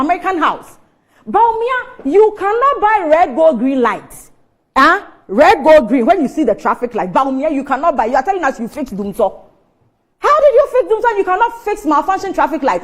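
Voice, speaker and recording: Combative Ghanaian woman, high lively voice. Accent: Ghanaian English. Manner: combative, repetitive, mocking rhetorical questions. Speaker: political party guest on TV talk show. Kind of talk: heated political commentary. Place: TV studio.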